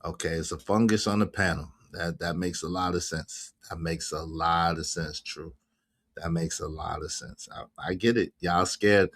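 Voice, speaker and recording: A man hosting a casual livestream chat, bantering loudly and giving shout-outs to viewers. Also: deep voice, steady tone, moderate pace. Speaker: livestream show host.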